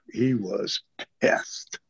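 A middle-aged man, a former pro wrestler, telling stories as an interview guest in a lively, casual way and swearing freely. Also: medium pitch, creaky, breathy edge, no room sound. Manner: animated storyteller who acts out quotes, swears freely. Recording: dull lo-fi dry sound.

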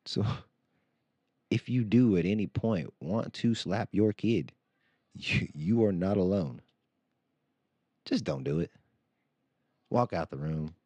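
A man's voice: low voice, expressive, slow pace, pauses often, mellow, breathy edge, no room sound. A man, likely in his thirties, talking candidly as a podcast host in a casual monologue, acting out quoted lines as he tells a story. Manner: candid, conversational, acts out quotes.

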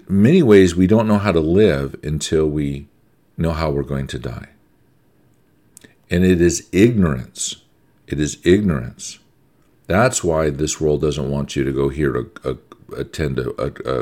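A man's voice: rumbling low, warm tone. A middle-aged American man preaching a sermon, conversational and emphatic, repeating key words for stress.

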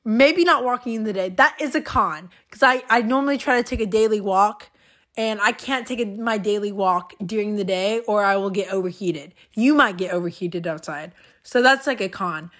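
A young woman hosting her own podcast, talking casually in a chatty, rambling, excitable way. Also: mid-range voice, moderate pace. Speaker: podcast host. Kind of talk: casual solo podcast chat.

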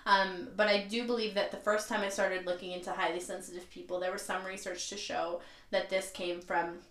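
A woman's voice: medium pitch, level tone, fairly quick, a bit bright. Laughy chatty woman hosting a podcast, echoey. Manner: laughs often, reflective and chatty. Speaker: podcast host. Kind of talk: casual chat.

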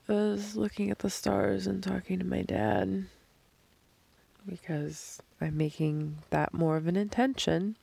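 Woman, hoarse and heavily gravelly, unhurried reflective voice diary, halting pauses, phone mic close overhead, dry and close. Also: on the low side, a little mellow, no echo. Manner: slow, halting, thinking aloud with pauses. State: hoarse from screaming and crying. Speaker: podcast host. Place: outdoors in the desert at night, lying under blankets. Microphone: phone held above her face.

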